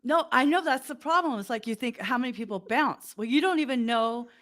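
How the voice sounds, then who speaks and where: A woman co-hosting a casual business talk over a livestream call, telling wry, animated stories. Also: fairly high pitch, brisk. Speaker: podcast co-host. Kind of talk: casual chat.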